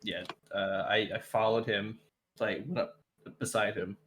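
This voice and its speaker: A man's voice: lowish voice, steady tone, unhurried, fairly bright tone. A man playing in a tabletop game, hesitant and often repeating words. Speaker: player. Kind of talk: tabletop role-play.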